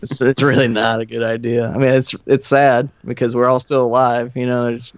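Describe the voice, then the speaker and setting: A middle-aged man, a podcast guest, telling old band stories in a relaxed, profane, laughing way. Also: medium pitch, brisk, clean tone, no room sound. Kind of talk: casual storytelling. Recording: slightly muffled dry studio recording.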